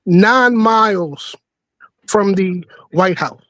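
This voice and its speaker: A man's voice: high-pitched, drawn-out words, bright, forceful tone, dry recording, low-quality recording. A laid-back man in a casual group chat. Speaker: guest.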